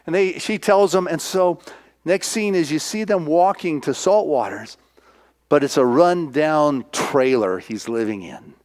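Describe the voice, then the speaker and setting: A male minister preaching, retelling a film as an animated storyteller who acts out the voices. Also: a little high, measured pace.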